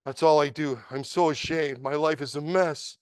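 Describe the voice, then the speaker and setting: A hulking, dishevelled drunk barks and grumbles on a crowded train, as a man voices him while telling a story. The voice is pushed a little higher than his own, gruff and slurring. The sound is dry and close. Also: steady tone, normal speed, a little mellow, no echo, close to an everyday voice. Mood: ashamed. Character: drunk, dishevelled large man on a train, belligerent then ashamed.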